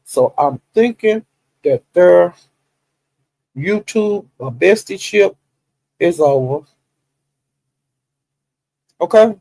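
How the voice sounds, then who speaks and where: A man with a gravelly, slightly raised voice tells gossip on a livestream. He chats loosely, laughs often and acts out the quotes. His voice sits close and dry on the mic, with no room sound. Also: high voice, extremely slow, pauses often, no echo, low-quality recording. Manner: animated, laughing storyteller who acts out quotes. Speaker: livestream commentator. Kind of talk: casual gossip commentary.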